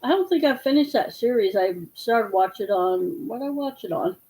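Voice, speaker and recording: A woman's voice: on the high side, lively intonation, moderate pace, mellow, rough recording. A woman chatting casually, rambling and trailing off mid-sentence, laughing easily. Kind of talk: casual chat.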